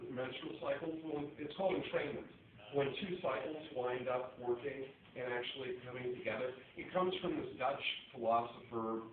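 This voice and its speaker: A man's voice: medium pitch, far from the mic. A man giving an earnest, explanatory talk to a bar audience, now and then asking them questions. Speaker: speaker performing for a bar audience. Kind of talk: casual spoken monologue. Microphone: phone recording from a distance. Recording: tinny, echoey phone recording from afar.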